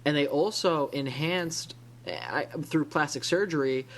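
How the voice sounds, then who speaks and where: A man's voice: on the high side, a little slow, creaky, a bit bright. A man from the Illinois-Wisconsin area of the USA hosting a casual comic book podcast, rambling with many restarts and fillers. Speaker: podcast host.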